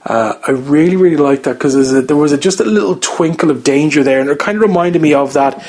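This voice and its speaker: A man's voice: fairly high pitch, fast talker, a little mellow. Rambling man reviewing a TV episode. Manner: rambling, many ums and restarts, opinionated. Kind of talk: casual spoken review.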